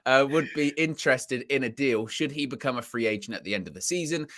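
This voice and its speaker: A man co-hosting a football podcast, explaining news in a measured, conversational way. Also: mid-range voice, expressive, fairly bright tone, dry recording, clean studio sound. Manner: measured, explanatory, laughs easily. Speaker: co-host. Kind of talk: casual football podcast chat.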